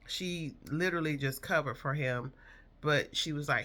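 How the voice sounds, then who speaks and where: A woman's voice: deep voice, normal speed, fairly bright tone. A woman in her fifties telling a personal story from her past in an earnest, reflective, emotional way.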